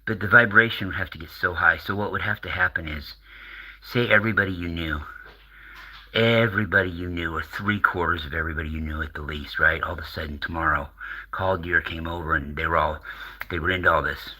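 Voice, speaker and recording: A middle-aged American man rambles through a casual monologue, cursing and chuckling as he goes. His voice sits very low, with a husky grain and a hard, sharp edge. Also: fairly even intonation, a little fast, low-quality recording. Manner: rambling, profane, laughs often. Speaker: channel host.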